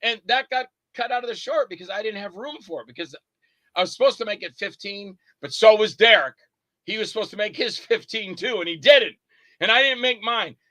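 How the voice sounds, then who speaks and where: A man with a high, very bright, forceful voice, guesting on an interview and spinning lively anecdotes. He acts out every person in his stories and curses freely. His voice sounds close and dry, with no room echo. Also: a little fast. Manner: animated, acts out the other people in his stories; swears freely. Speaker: guest, indie horror actor and filmmaker. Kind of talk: casual interview storytelling.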